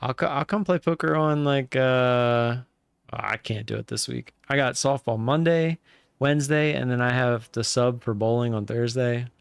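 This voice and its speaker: A man's voice: mid-range voice, fairly even intonation, normal speed, creaky, smooth, no room sound. Chatty man hosting a live stream. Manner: chatty, jumps to loud cheering.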